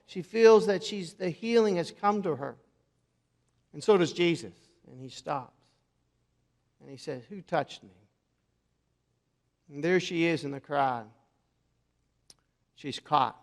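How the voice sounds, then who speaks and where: Storytelling pastor in a reverberant church. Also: male voice, fairly high pitch. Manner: storytelling with dramatic pauses, dropping soft for quoted words. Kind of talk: sermon. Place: church sanctuary.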